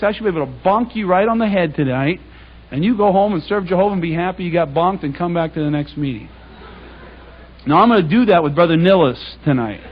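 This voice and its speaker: A man giving a public Bible talk, reading scripture and then paraphrasing it in lively everyday speech. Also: high-pitched, lo-fi sound, a little hiss or hum. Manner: conversational, animated, reads scripture aloud and paraphrases it in casual speech. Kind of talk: sermon. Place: congregation hall.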